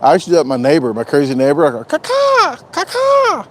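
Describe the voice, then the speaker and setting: A man's voice: medium pitch, racing, dark tone, a little hiss or hum. A man chatting casually on a live stream, rambling and joking, often repeating himself. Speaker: vlogger doing a live stream.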